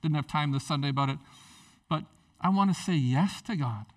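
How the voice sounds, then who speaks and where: A pastor preaching a sermon in a church, animated and jokey, acting out characters as he goes. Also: on the high side, a little fast, recorded from a distance.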